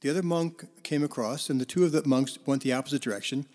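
A man's voice: medium pitch, quick pace, a little mellow. A male counselor telling parables in a conversational talk, with fillers and restarts. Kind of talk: storytelling talk on forgiveness.

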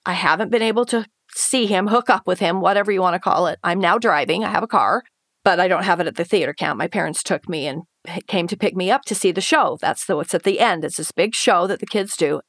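A woman's voice: on the low side, fast, a bit bright, dry recording. Woman telling her story in an interview, earnest and emotional, dry close sound. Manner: earnest, emotional retelling with quoted inner thoughts. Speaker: interview guest.

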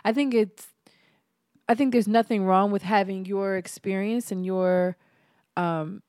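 Young woman, podcast host, slangy, teasing, animated storyteller, mid pitch, dry close sound. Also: a little slow, clean tone, no room sound. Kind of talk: casual chat.

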